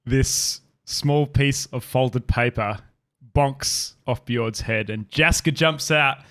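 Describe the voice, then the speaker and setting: A man's voice: medium pitch, takes it slowly, fairly bright tone. A man running a tabletop game as game master, narrating casually with loose restarts.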